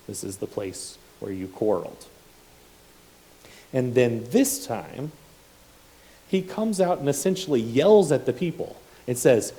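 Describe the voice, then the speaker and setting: Man, sermon, mellow tone, mid-pitched, loose conversational teaching. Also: expressive, measured pace, long pauses, low-quality recording. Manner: unscripted asides and self-corrections while teaching from scripture. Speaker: preacher.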